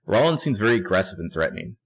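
A man's voice: deep voice, big pitch swings, very fast, husky. A man co-hosting a casual TV recap podcast, narrating scenes bluntly and swearing often. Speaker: podcast co-host.

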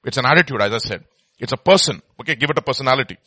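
A man teaching a Bible study, emphatic, repeating words and swinging between soft and loud. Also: mid-range voice, lively intonation, very fast, breathy edge, no echo.

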